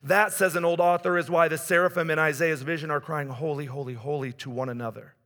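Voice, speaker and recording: A man with a high, bright voice preaches conversationally, building up and then dropping to a hush. His voice carries a long reverb through a church hall. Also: steady tone, fast talker. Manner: conversational preaching, rises and drops in intensity. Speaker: pastor. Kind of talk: sermon.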